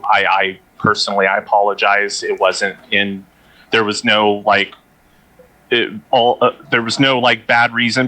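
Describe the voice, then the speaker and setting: A man organizing a convention, giving earnest, halting thanks on a livestream. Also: lowish voice, pushed and bright, poor audio. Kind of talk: casual livestream closing remarks.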